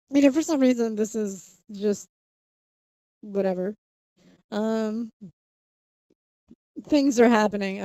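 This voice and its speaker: A woman's voice: medium pitch, mellow, dry recording. A young woman chatting casually on a live stream, rambling and restarting her sentences, often laughing. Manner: rambling, self-interrupting, giggly. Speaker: livestreamer.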